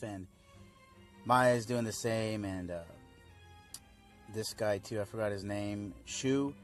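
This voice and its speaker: A man's voice: fairly low pitch, takes it slowly, pauses often, faint music behind. Laid-back young man rambling a recap. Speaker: fan video reviewer. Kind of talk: casual episode recap.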